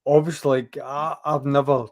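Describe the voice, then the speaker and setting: A man's voice: medium pitch, level tone, normal speed, a little mellow. A man hosting a casual live stream, narrating his setup and welcoming his guest as pal. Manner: friendly, narrates setting up the stream, calls people pal.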